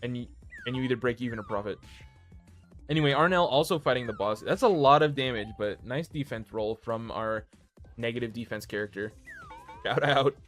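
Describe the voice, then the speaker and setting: A man live-commentating a board video game on his stream, calling each move in quick play-by-play with self-deprecating asides. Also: mid-range voice, a bit bright, faint music behind. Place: home streaming setup.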